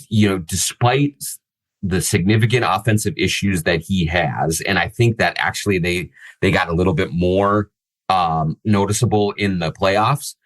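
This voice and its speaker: A man's voice: low voice, rough recording. A man hosting a sports podcast, talking things through casually with many fillers and restarts. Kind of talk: casual analytical chat.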